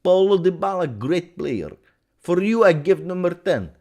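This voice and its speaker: A man's voice: sing-song, a little slow, a little mellow, heavily acted. A man doing a boastful coach with a mock Russian accent. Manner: broken English, self-praising, insistent pitch. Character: boastful famous male football coach, pushy and grandiose.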